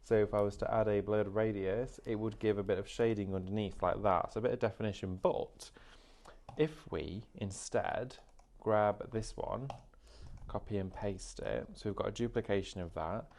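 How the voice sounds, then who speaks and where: Low-voiced man demonstrating crafts. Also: steady tone, normal speed, a little mellow. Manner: chatty step-by-step explaining. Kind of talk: live shopping craft demo.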